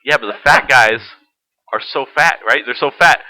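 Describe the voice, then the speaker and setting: A man on a casual podcast, putting forward offbeat theories with deadpan quips. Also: mid-range voice, normal speed, low-quality recording. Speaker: podcast co-host. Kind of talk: casual chat.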